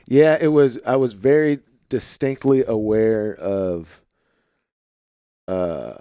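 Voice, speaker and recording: A man with a light Arkansas twang hosting a podcast, chatting in a relaxed, rambling way with plenty of fillers, in a home office. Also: lowish voice, takes it slowly, clear, resonant tone, no echo, clean studio sound. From St. Louis, Missouri. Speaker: podcast host. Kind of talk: casual conversation.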